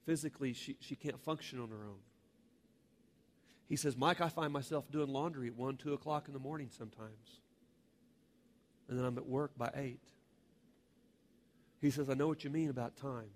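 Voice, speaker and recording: A man's voice: medium pitch, normal speed, long pauses. A man preaching a sermon as a pastor, earnest and rising to fervent appeals to the congregation. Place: church sanctuary.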